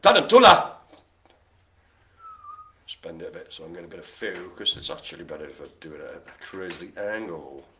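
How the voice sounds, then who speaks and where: A man's voice: deep voice, fast talker, hardly any pauses, sharp tone, slight background noise. A man hosting a live online bingo show, cracking puns and making silly noises between calls. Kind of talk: jokey live bingo calling.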